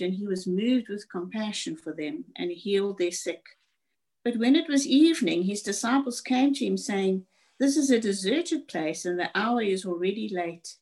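A woman's voice: mid-range voice, rough recording. A woman with a South African accent reading a Bible passage aloud over a video call. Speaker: scripture reader.

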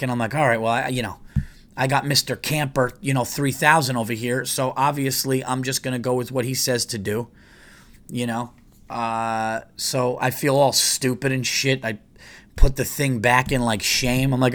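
A man telling a long story in casual podcast chat, profane and animated, jumping into exasperated quoted asides. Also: medium pitch, normal speed. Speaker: podcast host.

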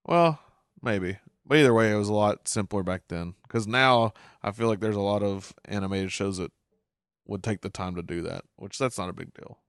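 A man's voice: on the low side, normal speed, clean tone, no room sound, studio quality. A man hosting a casual episode recap, chuckling often as he reads out the captions. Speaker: show recap host.

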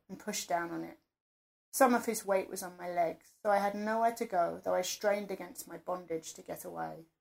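A woman reads an intimate first-person audio story in a close, breathy manner. Her voice sits at a middle pitch with a light, gravelly fry running through it. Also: a little mellow. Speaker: narrator.

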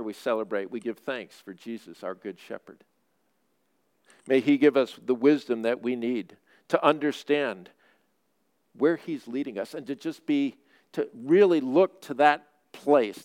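A man's voice: mid-range voice, a little mellow. A male priest preaching a sermon in an earnest, conversational storytelling way.

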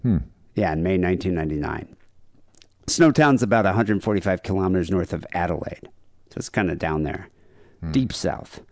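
A male podcast host talks in a low voice that swings widely in pitch, mixing wry asides with read-out case notes. The sound is dry and close on a studio mic. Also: animated, a little fast, darkish tone, no echo. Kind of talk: casual chat, reading case notes.

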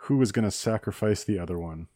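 A man's voice: on the low side, quick pace, dark tone, no room sound, studio quality. A man hosting a casual podcast chat, decisively laying out scenarios and making rulings. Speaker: podcast host running a hypothetical movie showdown.

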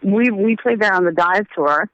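A woman's voice: medium pitch, normal speed, fairly bright tone, dry recording, lo-fi sound. A woman musician chatting as an interview guest, meandering and hesitant, often trailing off mid-thought. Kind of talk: casual interview chat.

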